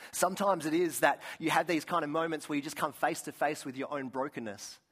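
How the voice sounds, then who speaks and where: A man's voice: fairly high pitch, fairly even intonation, a little fast, fairly bright tone, slightly rough. A man preaching a sermon, telling personal stories in an earnest way with frequent restarts and asides. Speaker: pastor.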